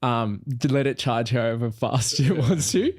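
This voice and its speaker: A man's voice: mid-range voice, animated, normal speed, darkish tone, slightly rough. A young man, a podcast co-host telling a story casually and animatedly, acting out quoted voices.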